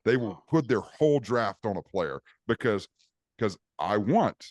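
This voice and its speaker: A man's voice: fairly low pitch, expressive, a little slow, darkish tone, no room sound. A man co-hosting a podcast, chatting casually and explaining things at length with many restarts. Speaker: podcast co-host. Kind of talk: casual chat.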